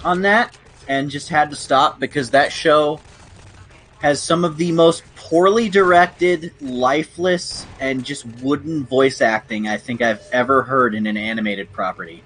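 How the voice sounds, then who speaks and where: A man's voice: mid-range voice, unhurried, a bit bright, breathy edge. A man chatting casually with friends on a stream, giving blunt, exasperated opinions with some swearing. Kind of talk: casual chat among friends.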